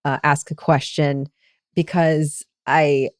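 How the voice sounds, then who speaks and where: Low-voiced woman telling a personal story. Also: level tone, takes it slowly, no room sound, studio quality. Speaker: podcast co-host and meditation coach. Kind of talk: casual podcast conversation.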